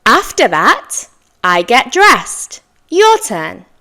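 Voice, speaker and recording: A woman teaching an English lesson, saying example sentences slowly and clearly for learners to repeat, with encouraging praise. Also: fairly high pitch, huge pitch swings, bright, forceful tone. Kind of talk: slow, clear language lesson with repeat-after-me drills.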